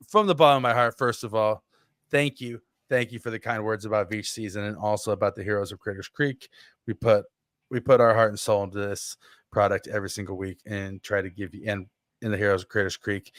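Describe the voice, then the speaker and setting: A man's voice: on the low side, a bit bright, dry recording. Guy cohosting a podcast, goofy over-the-top jokes, dry close sound. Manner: playful, jokey exaggeration. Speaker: podcast co-host. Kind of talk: casual podcast chat.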